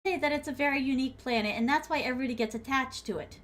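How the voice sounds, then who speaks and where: A woman's voice: high-pitched, racing, a bit bright. A woman streaming a game, chatting casually and rambling animatedly through a made-up story while laughing often.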